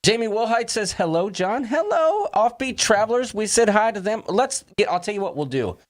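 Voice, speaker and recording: A man's voice: high voice, expressive, fairly quick. A man hosting a casual livestream chat, jokey and upbeat, reading out viewers' names and throwing in puns. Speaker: host.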